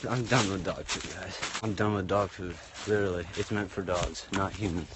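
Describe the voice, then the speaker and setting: A young man talks straight to his camera out in the woods, joking and complaining with plenty of drama. His voice sits a little low. Steady outdoor noise hums behind him. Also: normal speed. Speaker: vlogger. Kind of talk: casual vlog commentary.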